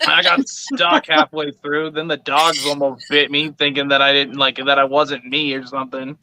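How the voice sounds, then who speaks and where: A man's voice: on the high side, normal speed, no room sound, rough recording. A man in his thirties on a podcast, telling a family anecdote in casual chat and acting out the voices in it. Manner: animated, acts out voices in anecdotes.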